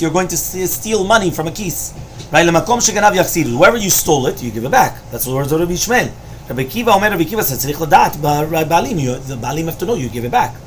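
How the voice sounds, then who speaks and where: A man with a fairly high voice teaches Talmud, explaining one line at a time and regularly asking "right?" and "you understand?" Some slight background noise can be heard in this study lecture.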